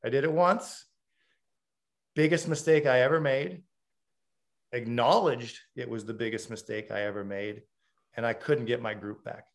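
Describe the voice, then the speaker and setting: A man's voice: mid-range voice, moderate pace, long pauses. A middle-aged man, a former hockey coach, telling stories bluntly and with emphasis in an interview. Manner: emphatic storyteller; blunt and direct. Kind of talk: casual interview talk.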